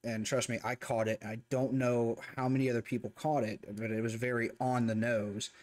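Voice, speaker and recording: A man co-hosting a casual review chat, talking in a rambling, profane, animated way. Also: mid-range voice, a little fast. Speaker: co-host reviewing a show.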